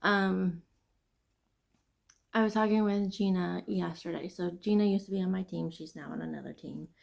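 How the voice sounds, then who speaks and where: A woman hosting a casual knitting vlog, chatting and venting in an animated, chatty way. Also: on the low side, moderate pace, creaky. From Midwest United States. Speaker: knitting podcast host. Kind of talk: casual chat.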